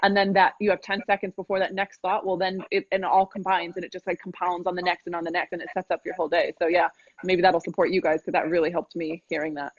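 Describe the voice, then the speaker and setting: Woman, business coach, rapid-fire delivery, dull lo-fi video call sound, emphatic, profane. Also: lowish voice, little pitch movement, no echo. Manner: emphatic, swears freely, pep-talk delivery. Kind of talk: motivational interview talk.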